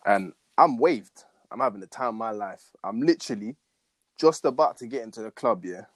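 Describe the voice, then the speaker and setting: A man's voice: on the low side, lively intonation, a little fast, dry recording. Young man, dry close voice. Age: young adult. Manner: slangy, matter-of-fact retelling. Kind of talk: casual storytelling chat.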